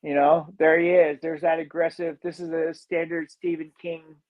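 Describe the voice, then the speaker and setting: A man's voice: on the high side, little pitch movement, moderate pace, dull audio. A man casually recapping a movie on a podcast, rambling with lots of fillers and acting out characters' lines. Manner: rambling, many "you know" fillers, acts out lines. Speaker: podcast co-host.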